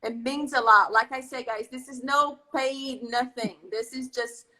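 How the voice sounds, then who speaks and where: A woman's voice: high-pitched, fairly even intonation, a little slow, sharp tone, rough recording. A woman hosting a live video-call baking stream, chatting effusively and reading out where viewers are. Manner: effusive, reads out viewer comments. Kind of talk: casual live-stream chat.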